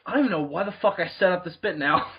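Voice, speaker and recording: A man's voice: sits high, rapid-fire, highs cut off. A man co-hosting a casual comedy podcast, swearing freely and tripping over his words. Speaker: podcast co-host.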